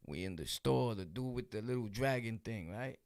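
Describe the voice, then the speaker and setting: A man's voice: fairly low pitch, expressive, moderate pace, a little mellow, no echo, studio quality. A man with a Brooklyn accent casually telling a street story, full of slang and laughing asides. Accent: New York, Brooklyn. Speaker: vlog host.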